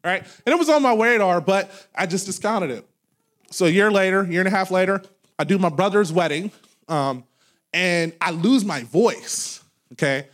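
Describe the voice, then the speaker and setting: A man in his thirties, a pastor preaching a sermon, loud and animated as he tells stories with laughs. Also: sits high, moderate pace. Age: 30s. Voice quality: loud talker. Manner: animated storytelling with laughs and acted quotes. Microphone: handheld microphone held away from mouth.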